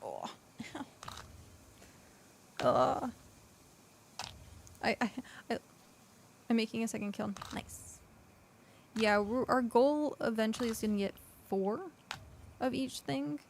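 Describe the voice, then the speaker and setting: Slow, gravelly-voiced woman streamer. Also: a little high, slight background noise. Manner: rambling, filler-heavy, thinking aloud. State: hiccuping. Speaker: game streamer. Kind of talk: casual gameplay chat.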